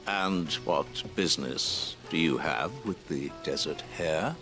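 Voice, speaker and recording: A man's voice: a bass voice, takes it slowly, music in the background, exaggerated voice. A man voicing a smug, scheming male noble in a video game, theatrical and condescending.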